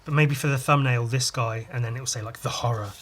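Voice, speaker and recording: A man's voice: medium pitch, steady tone, fast, a bit bright. Crude, rambling male podcaster. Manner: crude, rambling, self-mocking jokes. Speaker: podcast host and illustrator. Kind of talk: casual drawing-podcast monologue.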